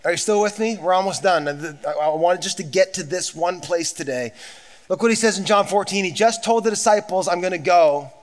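Male pastor with a slightly higher voice, preaching an emphatic, repetitive sermon with casual asides to the congregation. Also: fairly quick.

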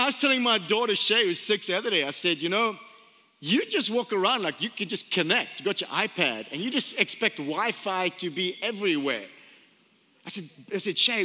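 A man in his thirties preaching a sermon as pastor, chatty and storytelling, repeating phrases and slowing down for emphasis. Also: high voice, big pitch swings, pushed and bright, slightly rough. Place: church sanctuary. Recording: long hall reverb.

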